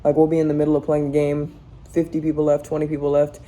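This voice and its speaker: A woman's voice: low voice, monotone, fast talker, mellow, slight background noise, rough recording. A young adult woman chatting through a rambling storytime in her home kitchen while cooking, full of fillers. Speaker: family vlogger. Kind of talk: casual storytime chat.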